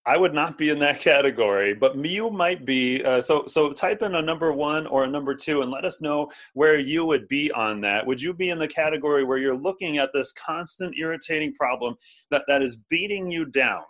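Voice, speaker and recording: A man's voice: on the high side, fairly bright tone. A man preaching a sermon, often repeating words and asking the listeners to respond. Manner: halting, repeats words, asks audience to respond. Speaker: pastor. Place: streamed over video call and social media.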